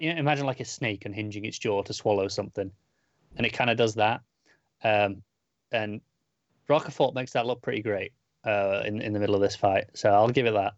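A man's voice: on the low side, dry recording, highs cut off. Rambling man recapping comics. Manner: rambling recap with fillers and restarts. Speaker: podcast co-host reviewing comics. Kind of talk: casual chat.

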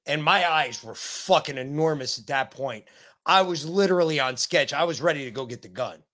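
This American man co-hosts a podcast, speaking at a normal speed in a slightly high, fairly bright voice. He's a profane storyteller, chatting casually with plenty of swearing and animatedly acting out the quotes he tells.

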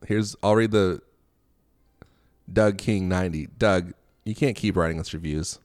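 A man's voice: sits low, unhurried, darkish tone, no room sound, studio quality. A man co-hosting a casual podcast, playful and laughing as he reads listener reviews aloud. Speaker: podcast co-host. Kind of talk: casual chat.

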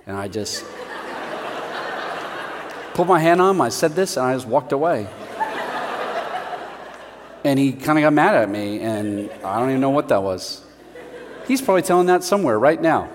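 A male pastor giving a sermon in an animated, conversational way with self-deprecating humor. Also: fairly high pitch, normal speed, pauses often, in a large hall, slight background noise.

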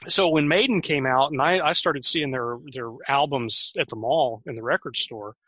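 Bright, chatty middle-aged man. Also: mid-range voice, moderate pace, slightly rough, dry recording. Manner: talkative, trails off with fillers. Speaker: podcast co-host. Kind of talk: casual chat.

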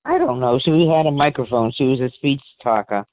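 A man's voice: mid-range voice, wildly swooping pitch, fairly quick. A man chatting casually and making playful mock threats over a tinny phone line.

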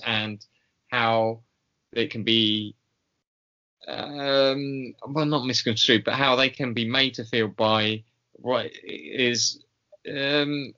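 Man, slow hesitant talk, bright tone, dull lo-fi audio. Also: medium pitch. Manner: slow, hesitant, many ums and pauses. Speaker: podcast co-host. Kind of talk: casual chat.

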